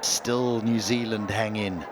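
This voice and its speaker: A man's voice: lowish voice, fairly even intonation, slow pace, noisy background. Reflective male cricket pundit. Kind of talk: live sports commentary.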